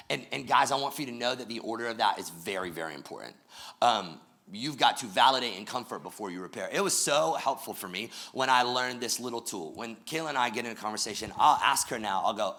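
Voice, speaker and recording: A pastor delivers a lively sermon to his congregation, speaking directly and energetically with quick jokes sprinkled in. His voice is bright and forceful, pitched fairly low.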